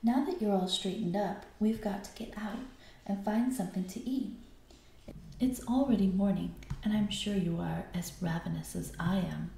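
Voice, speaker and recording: A woman voicing a loving, excitable mother hyena in a storybook read-aloud, doting and full of exclamations. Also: mid-range voice, moderate pace, gravelly, echoey room, lightly acted. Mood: fretful.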